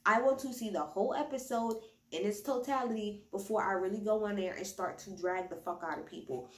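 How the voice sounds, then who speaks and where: A woman's voice: medium pitch, fairly quick. A woman giving a casual, profanity-laced recap while a little tipsy, recorded at home without a proper mic. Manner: slangy, profane, chatty. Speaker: reality TV recapper. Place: at home indoors. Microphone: built-in device mic, no external mic. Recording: roomy echo, no proper mic.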